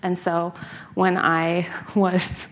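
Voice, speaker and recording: A woman in her thirties from North America, a scholar and author telling stories in an interview, animated, laughing and restarting her sentences often. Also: on the low side, extremely slow. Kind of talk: conversational interview.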